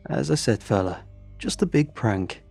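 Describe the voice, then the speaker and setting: A man's voice: medium pitch, lively intonation, measured pace, gravelly, darkish tone, slightly rough, soft background music, exaggerated voice. A man doing a brash, teasing soldier.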